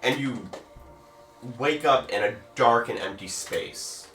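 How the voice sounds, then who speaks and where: Slow-narrating game master man, far off. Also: mid-range voice, a bit bright. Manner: slow, drawn-out storytelling. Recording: roomy, far from the mic, music behind.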